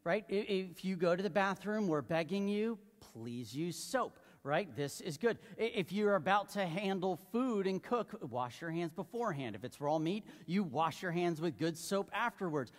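A man's voice: high-pitched, lively intonation, normal speed, few pauses. A male pastor preaching a sermon in a loose, conversational way, joking and putting questions to the congregation. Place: church sanctuary. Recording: long reverb of a large hall.

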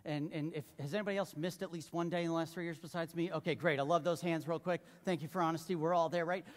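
Guy pastor preaching, chatty and jokey, bit higher voice, big echoey church hall. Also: steady tone, fast. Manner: conversational, joking, asks the congregation questions. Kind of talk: sermon. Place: church sanctuary. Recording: long reverb of a large hall.

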